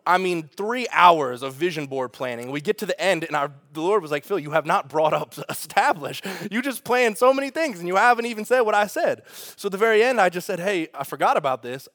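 A male pastor delivers a sermon in a high, bright register. He talks conversationally and with energy, turning aside to speak directly to the congregation.

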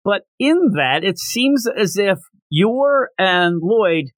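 A middle-aged man co-hosting a podcast, recapping a manga chapter in casual chat, animated and dropping into silly voices when quoting characters. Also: high voice, slow, no room sound. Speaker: podcast co-host.

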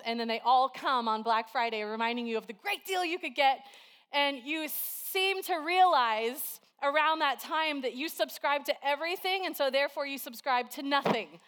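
A woman's voice: sits high, a bit bright. A woman preaching a sermon to a congregation, telling everyday stories in a chatty, conversational way. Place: church service with a congregation.

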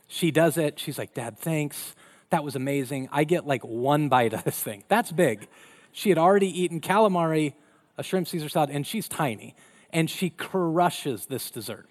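A man's voice: fairly high pitch, moderate pace. A middle-aged man who grew up in Colorado, a pastor preaching a sermon and telling family stories with acted-out voices. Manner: animated storytelling, acting out voices.

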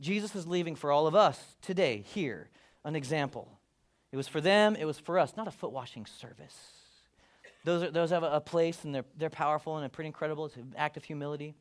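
A man preaching a sermon in an animated, playful way, breaking off into jokes and acting out the people in the story. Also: on the high side, brisk. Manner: animated, playful asides, acts out voices of the disciples. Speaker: pastor.

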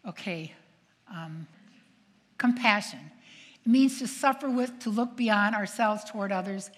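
Older woman, nun giving a talk; animated storyteller who acts out quotes, mid pitch, long hall echo. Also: measured pace. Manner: animated, acts out quoted voices, asks the audience questions. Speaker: nun and speaker.

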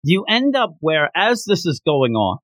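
A man hosting a manga podcast, recapping a chapter in casual commentary and breaking into quick acted quotes. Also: on the high side, no echo. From United States. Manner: animated, breaks into quick acted quotes and mock announcer yells.

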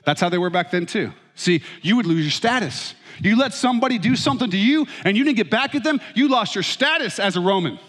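A man preaching a sermon as pastor, telling stories with animated, self-mocking humor. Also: sits high, fairly quick, few pauses. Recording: reverberant hall.

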